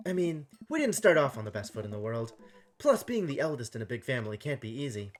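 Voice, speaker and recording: A man reading a story game aloud in a lively, animated way, his pitch swinging widely as he moves between narration and dialogue. His voice sits at a middle pitch, with faint music playing underneath. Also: fast. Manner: animated, laughing often, jumps into higher voices for characters. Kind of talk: casual game playthrough with read-aloud voices.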